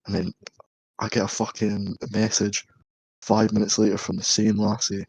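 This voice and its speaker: A young man with a low, gravelly and slightly husky voice tells laid-back party stories on a podcast. He swears casually and is recorded close and dry. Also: flat delivery, normal speed, darkish tone, dry recording, poor audio. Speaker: podcast co-host. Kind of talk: casual late-night chat.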